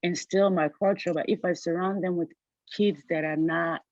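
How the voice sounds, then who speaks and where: A woman's voice: fairly low pitch, fairly even intonation, normal speed, a little mellow, no echo. Hesitant woman, dry dull sound. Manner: hesitant, full of fillers and restarts. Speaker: discussion guest. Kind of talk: casual discussion.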